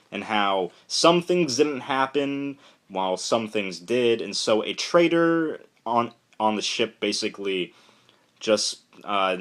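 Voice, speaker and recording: Rambling young man reviewing comics. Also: fairly low pitch. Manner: rambling, excitable retelling with fillers. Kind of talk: casual spoken review.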